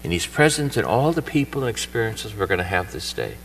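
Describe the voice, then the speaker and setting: A male priest with a lowish voice preaches a homily in a church shrine. He tells the story in a chatty, lively way and acts out the characters' lines. He is picked up from some distance off the microphone. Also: brisk, vocal fry, a little hiss or hum. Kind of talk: homily at Mass. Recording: voice from far off the mic.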